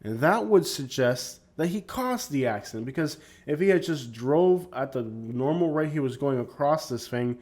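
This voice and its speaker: A man's voice: mid-range voice, expressive, moderate pace, hardly any pauses, a little mellow. A man narrating his own vlog over driving footage in a casual, rambling, opinionated way, often restarting his sentences. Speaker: vlogger.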